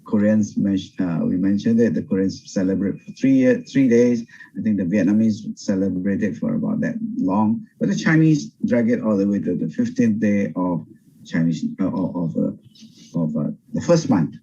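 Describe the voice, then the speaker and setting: Older pastor, dull video-call sound. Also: male voice, lowish voice, creaky, slightly rough. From Singapore. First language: Teochew. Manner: animated, pauses and restarts often. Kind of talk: Bible study teaching. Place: home over video call.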